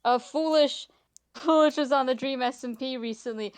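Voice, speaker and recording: Young woman, podcast co-host, enthusiastic, smooth clear voice, dry sound. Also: high voice, moderate pace, no room sound. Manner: enthusiastic, jokey interjections. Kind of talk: casual chat.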